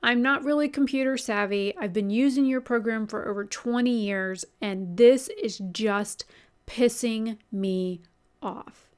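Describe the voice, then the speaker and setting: A woman's voice: fairly high pitch, a little slow, smooth, close to an everyday voice. A woman voicing an irate 89-year-old man caller, ranting about automated phone systems. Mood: fed up. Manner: ranting, exasperated complaints.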